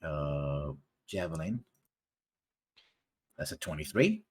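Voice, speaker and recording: A man running a tabletop game as game master, narrating haltingly with many fillers. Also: extremely low pitch, animated, darkish tone, slightly rough. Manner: halting, many ums and uhs while narrating.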